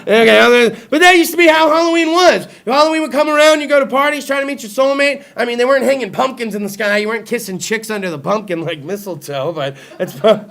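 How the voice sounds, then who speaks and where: A man's voice: extremely high pitch, quick pace, vocal fry, hardly any pauses, a bit bright. Rowdy, profane male talk show host. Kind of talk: crude comedic talk show monologue.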